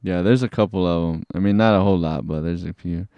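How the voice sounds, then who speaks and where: Low, smooth-voiced man chatting easily. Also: dry recording, muffled recording. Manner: easygoing, halting with fillers. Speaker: podcast co-host, religious brother. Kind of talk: casual chat.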